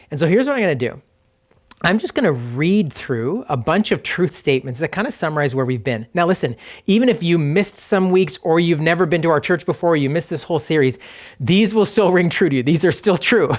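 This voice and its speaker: A man from Canada preaching a sermon as pastor, earnest and reflective, slowing down and letting line ends fall to a hush. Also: fairly high pitch. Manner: earnest, slows down for reflective pauses.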